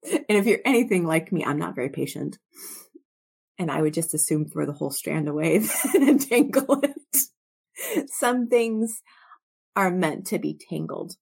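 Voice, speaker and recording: A woman teaching from scripture in a slow, reflective way, sometimes dropping to soft near-whispers. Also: on the low side, expressive, vocal fry, husky. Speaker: Bible teacher.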